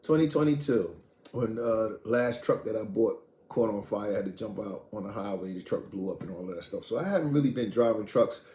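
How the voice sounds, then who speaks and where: A middle-aged man from Queens, casually telling a story in street slang and profanity, animated and blunt. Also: lowish voice, a little fast. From Queens, New York. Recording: echoey room, faint noise.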